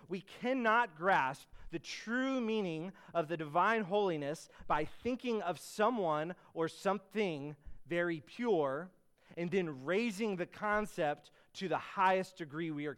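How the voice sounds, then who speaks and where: A man's voice: sits high, lively intonation, a little slow, a bit bright, clear, resonant tone. A man preaching a sermon in an earnest teaching manner, with casual asides and fillers, rising to emphatic bursts on key words. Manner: frequent fillers and restarts, conversational asides.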